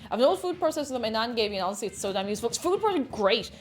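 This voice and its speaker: A woman's voice: a little high, sing-song, rapid-fire. A bubbly woman, her voice bouncing up and down as she chats away to her viewers while baking. She greets people by name and laughs easily, and faint music plays under her. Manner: chatty, greets chat by name, frequent laughter. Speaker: variety streamer. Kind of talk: casual live-stream chat while baking.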